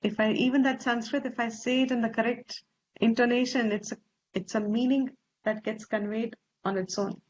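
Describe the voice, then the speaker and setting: A woman teacher with an Indian English accent, explaining scripture slowly and deliberately, stressing Sanskrit terms and posing rhetorical questions. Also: a little high, steady tone, darkish tone, slight background noise. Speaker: Vedanta teacher. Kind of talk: slow scriptural class explanation. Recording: slightly dull lo-fi recording.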